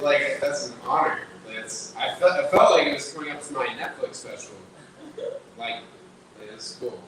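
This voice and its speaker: A young man doing a stand-up set in a small bar, telling loose, rambling stories with lots of swearing and restarts. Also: on the high side. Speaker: stand-up comedian. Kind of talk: stand-up set at an open mic. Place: small bar comedy room. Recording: echoey room, distant mic, noisy.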